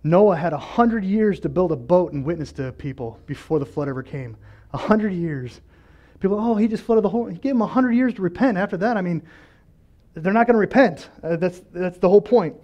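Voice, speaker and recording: A man pastor delivering an impassioned sermon, swinging between loud pleading and quiet lows, laughing often. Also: expressive, fairly quick, dull audio. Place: church.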